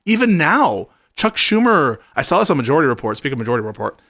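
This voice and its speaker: A man hosting a casual political chat, earnest and halting, often restarting his sentences. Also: a little high, sing-song, fairly bright tone, no room sound, studio quality. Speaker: show host.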